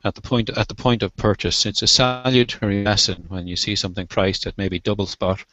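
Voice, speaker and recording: A man on a panel in a casual online hangout, giving measured, articulate advice to a newcomer. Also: fairly low pitch, flat delivery, no echo. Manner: measured, articulate, gently advising. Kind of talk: casual live hangout chat. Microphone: video call. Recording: dry, dull lo-fi call audio.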